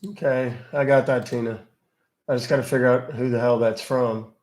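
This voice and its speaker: A man's voice: medium pitch, fairly even intonation, normal speed, darkish tone. Man, live stream host, chatty and wry, voice still recovering. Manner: chatty, wry, loose asides. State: voice not fully recovered. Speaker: scam-baiting streamer.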